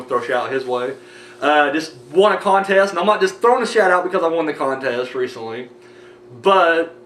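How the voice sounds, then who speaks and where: A man's voice: mid-range voice, fairly bright tone, echoey room, a little hiss or hum. An American man rambling casually with many fillers while thanking his viewers in a vlog. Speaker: movie review vlogger.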